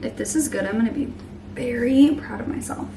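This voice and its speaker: A woman's voice: on the high side, brisk, vocal fry, reverberant, distant mic, a little hiss or hum, poor audio. Chatty young woman vlogging in her kitchen. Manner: chatty, lots of "like", trails off into soft murmurs while cooking. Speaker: lifestyle vlogger. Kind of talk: casual vlog chat. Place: home kitchen.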